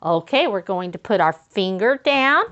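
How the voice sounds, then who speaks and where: A woman gives young children a slow, step-by-step lesson on writing sentences, patiently sounding out letters and words and praising them often. Her mid-range voice is animated and a bit bright at normal speed, though the recording is muffled.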